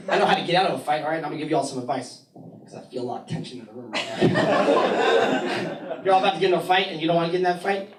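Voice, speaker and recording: Animated man doing stand-up in an echoey room. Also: on the high side, quick pace, background noise. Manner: animated, acts out loud characters. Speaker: stand-up comic. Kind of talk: stand-up comedy set. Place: small comedy theater, live audience. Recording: echoey room, mic from far, loud crowd.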